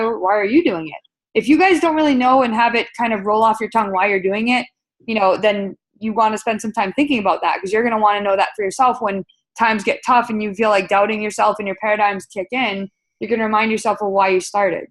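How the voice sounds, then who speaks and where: Upbeat woman coaching a sales team. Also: medium pitch. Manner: upbeat, coaching, lots of fillers and repeats. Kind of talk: webinar sales training talk.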